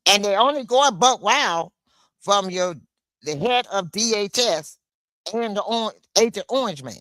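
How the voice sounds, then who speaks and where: A woman livestreaming an angry political rant, blunt and swearing, with a slow, deliberate delivery. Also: mid-range voice, lively intonation, a bit bright, no echo, clean studio sound.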